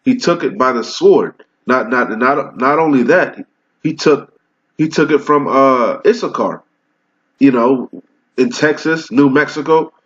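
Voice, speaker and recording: A man preaching fiery scripture teaching, asking rhetorical questions and answering them himself, sometimes reading verses slowly and deliberately. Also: a little high. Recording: dull lo-fi recording.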